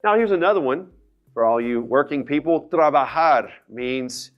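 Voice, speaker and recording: A man's voice: mid-range voice, expressive, normal speed. Patient male teacher in a dull lesson clip. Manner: clear, patient, explanatory. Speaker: language teacher. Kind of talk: instructional lesson.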